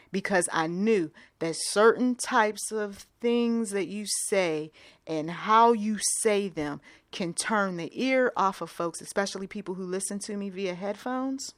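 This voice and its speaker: A woman's voice: on the low side, no room sound. A middle-aged woman hosting a Christian advice show, talking casually and emphatically, with many asides.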